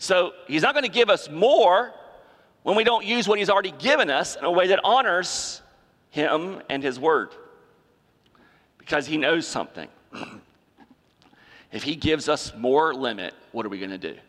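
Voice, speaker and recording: A man's voice: fairly high pitch, expressive, unhurried, pauses often, a bit bright. A male pastor preaching a sermon, driving points home with repetition and rhetorical questions. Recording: long hall reverb.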